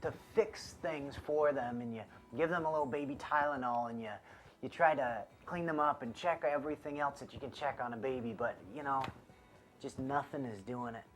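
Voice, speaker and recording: A man's voice: mid-range voice, moderate pace, fairly bright tone, slight background noise. A young man, a father and youth pastor, giving an earnest devotional talk from his child's bedroom; he speaks conversationally and grows impassioned.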